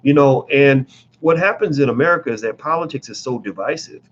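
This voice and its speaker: A man's voice: medium pitch, fairly quick, dull audio, slight background noise. A man giving blunt, emphatic commentary in a casual vlog, talking straight to his viewers with plenty of profanity.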